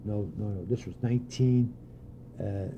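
An older man, a former pitching coach, telling anecdotes in an interview and voicing the people he quotes. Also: unhurried, highs cut off, a little hiss or hum. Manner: animated anecdotes with voiced quotes and laughs. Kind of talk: storytelling interview.

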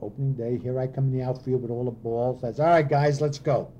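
Older man, dark warm voice, storytelling ex-coach, light noise behind. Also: medium pitch, fast, lo-fi sound. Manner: animated anecdotes with voiced quotes and laughs. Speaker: former pitching coach. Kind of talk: storytelling interview.

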